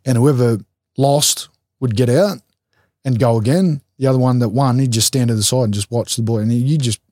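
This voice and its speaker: A young man with an Australian accent talks in a mellow, relaxed voice at a middle pitch. He tells stories bluntly and swears freely, acting out the people in them. The sound is dry and close, with no room around it. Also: normal speed, dry recording. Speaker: rugby league player, guest. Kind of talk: casual storytelling interview.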